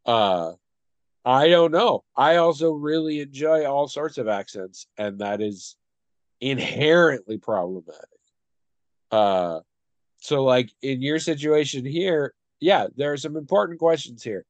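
Male podcast co-host, reflective and unhurried, dry recording. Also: mid-range voice, lively intonation, no echo. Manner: thoughtful, hesitant, trails off. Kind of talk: casual discussion.

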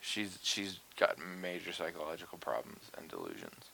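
Male podcast co-host, playful and crude, bright and lively voice. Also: low voice, moderate pace, gravelly, slight background noise. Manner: joking, teasing, crude asides. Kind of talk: casual chat.

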